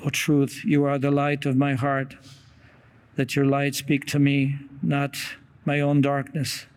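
A man preaching a sermon in an earnest way, reading long quotations aloud with pauses and small restarts. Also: mid-range voice, completely flat delivery, darkish tone, clean tone.

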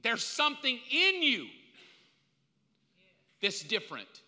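Animated preacher man in a big hall. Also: extremely high pitch, slow. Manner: animated, swinging between loud and hushed. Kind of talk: sermon. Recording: long hall reverb.

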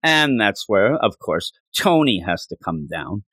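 A man's voice: on the low side, sing-song, unhurried, fairly bright tone, breathy edge, dry recording. A man co-hosting a casual chat, talking with enthusiastic rambling and acting out lines from the story. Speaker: comic book podcast co-host.

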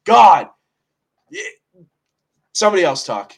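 A man's voice: high voice, very animated, takes it slowly, creaky, a little hiss or hum, low-quality recording. A man co-hosting a sports podcast, ranting heatedly with lots of swearing in casual talk.

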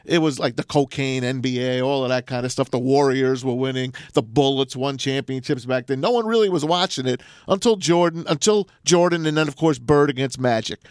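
A man's voice: medium pitch, fairly quick, hardly any pauses, smooth. A man hosting a sports talk radio show, chatting in a brash, emphatic way from a studio mic. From New Jersey.

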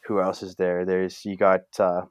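A man's voice: low-pitched, completely flat delivery, normal speed. A man co-hosting a casual sports podcast, rambling with lots of fillers and restarts. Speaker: podcast co-host.

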